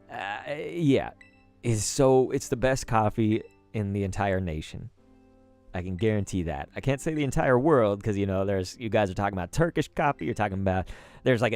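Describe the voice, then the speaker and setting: A man's voice: mid-range voice, a little mellow. A man streaming live gameplay, rambling and laughing as he chats with his viewers. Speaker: gaming streamer. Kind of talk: casual live gameplay commentary.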